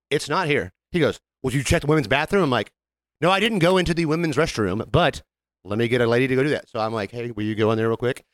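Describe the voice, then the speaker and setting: A man of medium pitch co-hosts a casual podcast, recorded with no room sound. He tells stories with animation, acting out customer quotes and swearing freely as the chat rolls on.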